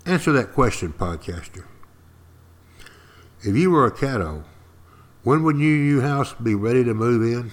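A man's voice: mid-range voice, expressive, moderate pace, long pauses. Emphatic older man teaching history. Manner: emphatic, repeats key words, asks listeners questions. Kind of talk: lively classroom-style history talk to podcast listeners.

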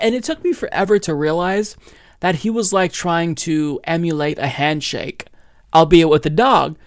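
A man's voice: fairly high pitch, normal speed, dry recording, clean studio sound. A man from Oregon hosting a political podcast, sarcastic and profane, often breaking into laughter. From Oregon, USA. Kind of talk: casual political commentary.

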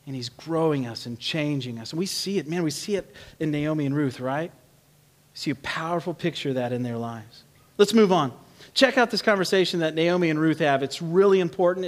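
A man preaching a sermon in an animated, humorous, conversational way, swinging from loud to hushed. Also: fairly high pitch. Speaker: pastor.

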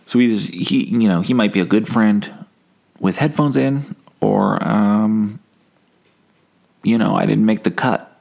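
A man hosting a comedy podcast, telling a rambling, deadpan monologue full of self-corrections and dark punchlines. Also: on the low side, measured pace, gravelly, long pauses. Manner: escalates mundane stories into dark punchlines. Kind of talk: absurdist comic monologue.

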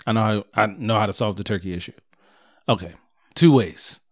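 A man's voice: lowish voice, a little fast, a little mellow. A man co-hosting a podcast in casual chat, teasing his friend and laying out plans step by step. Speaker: podcast co-host.

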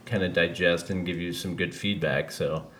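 A man's voice: low voice, steady tone, normal speed, a bit bright, slight background noise. A man hosting a podcast, chatting casually and rambling candidly, swearing freely as he talks. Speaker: podcast host. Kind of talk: casual chat.

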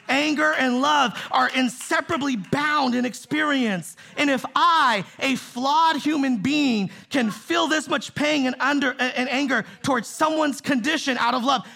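Gravelly, bright-voiced male pastor preaching. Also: very high-pitched. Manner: emphatic, repeats key phrases for stress; conversational, often asks "right?" and "see?". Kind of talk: sermon. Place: church in the Bay Area.

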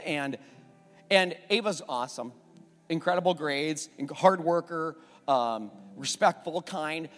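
A man in his forties preaching a sermon as a pastor, telling a candid family story, rising when worked up and going soft when reflective. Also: fairly high pitch. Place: church sanctuary. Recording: church hall with long reverb and faint music.

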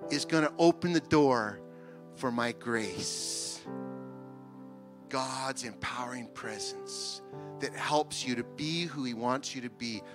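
A male pastor preaching a sermon with passion, moving from soft, quiet stretches to loud, rising appeals. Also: medium pitch.

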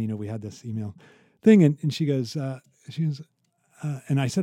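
A man co-hosting a conversational academic podcast, telling stories with many halting restarts. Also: mid-range voice, warm tone, dry recording, clean studio sound. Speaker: podcast co-host.

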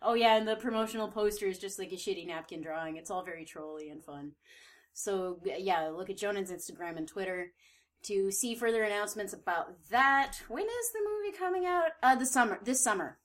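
A woman's voice: mid-range voice, fairly quick. A woman in her thirties co-hosting a casual podcast chat, laughing often, easygoing and freely profane. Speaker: podcast co-host.

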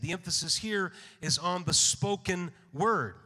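A man preaching a sermon in a church sanctuary, speaking in a measured way and calling out amen. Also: high-pitched, sharp tone. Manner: measured, slows for scripture readings, calls out amen. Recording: long hall reverb.

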